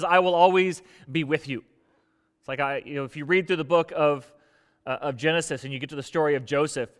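A man with a rather high speaking voice delivers a sermon in a relaxed, conversational way. He puts scripture into everyday words and grows more intense as he voices its speaker. His voice carries a long hall reverb. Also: smooth. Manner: paraphrases scripture in lively conversational speech, voicing Job with rising intensity. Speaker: pastor.

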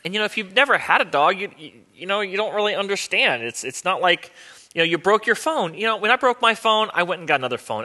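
Pastor guy preaching casual and earnest, kinda bright voice, slightly high. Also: animated, fast talker. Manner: conversational and earnest, with wry humor. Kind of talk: sermon.

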